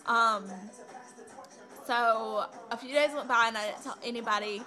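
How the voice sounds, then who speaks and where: A woman's voice: on the high side, fairly even intonation, measured pace, a crowd in the background. A young woman vlogging a personal story, rambling and hesitant with many fillers.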